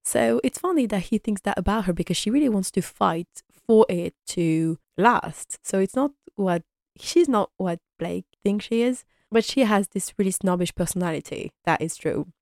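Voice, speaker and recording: A woman's voice: mid-range voice, lively intonation, normal speed, vocal fry, a little mellow, no room sound, studio quality. A young woman giving a casual, enthusiastic episode recap as a fan reviewer, laughing often and using lots of fillers.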